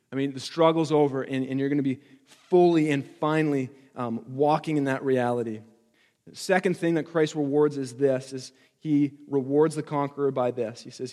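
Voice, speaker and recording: A man preaching a sermon to his church, building to emphatic repeated lines and dropping back to quiet reflection. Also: mid-range voice, long reverb tail. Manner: impassioned preaching with rising emphatic repetition. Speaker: pastor.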